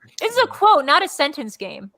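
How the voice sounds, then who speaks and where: Bright-voiced woman joking through a live stream. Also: sits high, a little fast. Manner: playful, rambling, deadpan jokes. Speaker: co-host of a comedy live stream. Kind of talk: casual comedic banter.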